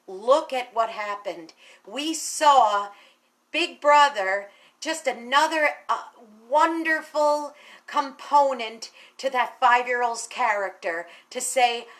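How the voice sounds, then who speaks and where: Chatty woman, slightly raised pitch, earnest storyteller, casual talk to camera. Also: takes it slowly, fairly bright tone. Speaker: radio station general manager.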